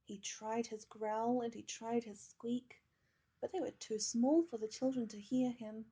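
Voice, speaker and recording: A woman reads a children's picture book aloud in a gentle, measured way. Her voice sits a bit high but sounds mellow and husky, with a gravelly edge. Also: steady tone. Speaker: storybook reader.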